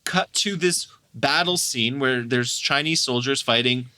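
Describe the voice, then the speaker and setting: A man's voice: medium pitch, measured pace, sharp tone, no room sound. A man co-hosting a movie podcast, casually recapping scenes, swearing freely and acting out lines. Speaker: podcast co-host.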